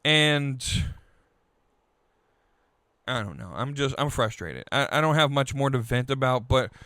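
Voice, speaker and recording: A man hosting a podcast, venting in a frustrated, halting political rant full of restarts. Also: mid-range voice, lively intonation, sharp tone, dry recording. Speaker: podcast host.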